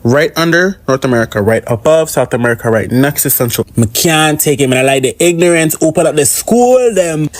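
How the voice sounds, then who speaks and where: A man's voice: fairly quick, hardly any pauses. A man from Jamaica with a Jamaican accent, ranting in a profane, exasperated reaction video. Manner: exasperated, profane, swings pitch for emphasis.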